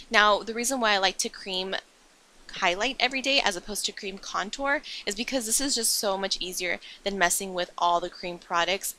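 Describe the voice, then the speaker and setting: A woman's voice: mid-range voice, sharp tone. A young woman talking through a makeup tutorial in a chatty, enthusiastic voice-over, explaining each step as she goes. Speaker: beauty vlogger.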